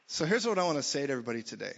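A man preaching a sermon in a church, blunt and jokey, swinging from loud to soft. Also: mid-range voice, very animated, very fast, gravelly, crowd noise, noisy background. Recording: dull sound in a reverberant hall.

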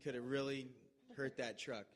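A man casually retelling a friend's injury in a measured, dry way. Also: medium pitch, fairly even intonation. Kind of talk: casual storytelling.

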